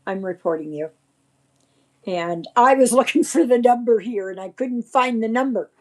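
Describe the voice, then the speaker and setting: A woman's voice: a little high, moderate pace. A woman hosting a casual livestream, rambling in a shaken, indignant way. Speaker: livestream host.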